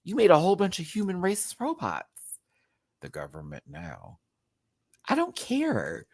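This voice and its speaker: A woman's voice: fairly low pitch, wildly swooping pitch, measured pace, darkish tone, slightly rough, dry recording. A woman hosting a live recap show, ranting casually and expressively, laughing often and swearing freely.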